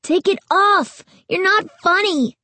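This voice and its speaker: Lady doing a scared little boy, squeaky high, begging and stammering, storybook. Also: sing-song, slow, pushed and bright, no echo, heavily acted. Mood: angry. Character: frightened young boy, whiny little brother. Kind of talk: storybook reading.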